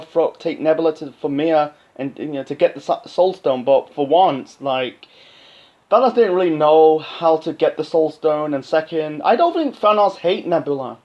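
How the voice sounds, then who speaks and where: Guy rambling thru a movie review, kinda high voice, lots of restarts, dull lo-fi sound. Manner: rambling, halting, lots of "you know" and restarts. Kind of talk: casual rambling film review.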